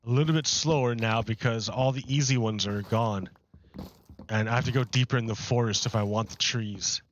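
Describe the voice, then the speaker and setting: A man's voice: medium pitch, steady tone, normal speed, muffled recording, slight background noise. A man chatting casually while livestreaming a game from his apartment, rambling and loose with his words. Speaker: game streamer. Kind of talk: casual live-stream chat. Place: home apartment.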